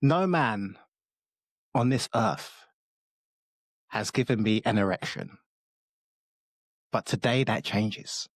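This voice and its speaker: A man's voice: medium pitch, no echo, clean studio sound. A man co-hosting a football podcast, talking bluntly, swearing and joking in casual chat.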